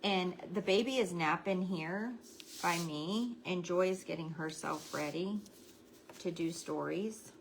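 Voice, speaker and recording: A woman's voice: fairly low pitch, unhurried, creaky, a little hiss or hum, low-quality recording. A middle-aged woman hosting a live craft tutorial, chatting and greeting viewers by name while keeping her voice down so a baby can sleep. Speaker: craft livestream host.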